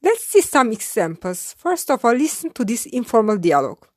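Female language teacher, higher voice, dry close voice-over, slow repeat-after-me lesson delivery. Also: big pitch swings, a little mellow, no echo. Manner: syllabifies and repeats phrases slowly for learners.

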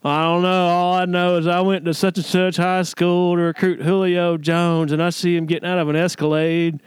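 A man's voice: high voice, level tone, normal speed, clear, resonant tone, no room sound, pitched above the performer's own voice, close to an everyday voice. A man retelling the words of a sardonic male football coach in a dry, insinuating way.

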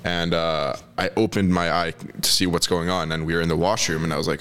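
Deep-voiced laid-back man on a podcast. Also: flat delivery, a little fast, noisy background. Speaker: podcast co-host. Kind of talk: casual chat and storytelling.

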